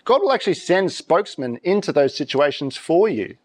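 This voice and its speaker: Male pastor, somewhat high voice, conversational and animated sermon delivery in church. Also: a little fast. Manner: conversational, animated preaching with rhetorical questions.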